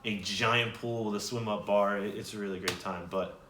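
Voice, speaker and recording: A man's voice: on the low side, steady tone, normal speed, echoey room, background noise. A young man co-hosting a vlog, telling a story in a chatty, easygoing way with some stumbles. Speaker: vlog co-host. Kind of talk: casual storytelling to camera.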